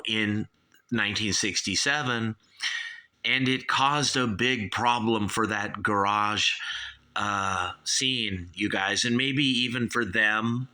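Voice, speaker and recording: Slow, slangy man. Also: fairly low pitch, sharp tone. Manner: slangy, rambling, keeps saying "you guys" and "dude". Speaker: album reviewer, show host. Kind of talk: casual album review monologue.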